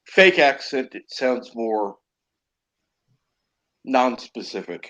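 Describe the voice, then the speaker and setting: American guy on a stream chat, middle pitch, pauses a lot to find words. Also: expressive, fairly bright tone, highs cut off. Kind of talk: casual chat.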